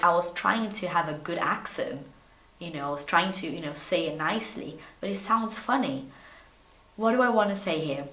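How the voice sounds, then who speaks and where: In an echoey room, a Portuguese-speaking woman gives a relaxed English video lesson. Her voice sits on the low side, and her lively, talkative delivery often doubles back on words as she starts over.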